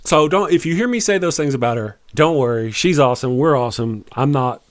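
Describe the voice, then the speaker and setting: A man's voice: fairly high pitch, expressive, a little fast, no echo, studio quality. A man hosting a live stream in a casual, chatty way, often laughing. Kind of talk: casual chat.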